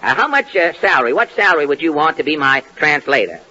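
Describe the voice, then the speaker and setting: A man hosting a 1940s radio comedy sketch, halting with fillers between his wisecracks. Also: on the high side, big pitch swings. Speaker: comedy show host. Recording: muffled old radio broadcast with loud audience and hiss. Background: loud studio audience.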